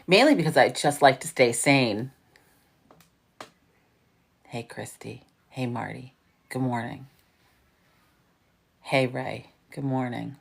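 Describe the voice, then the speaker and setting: Chatty, low-voiced New York woman. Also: slow, creaky, pauses often, breathy edge. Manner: chatty, swears freely, animated storytelling. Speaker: livestream host. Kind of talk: casual morning livestream chat.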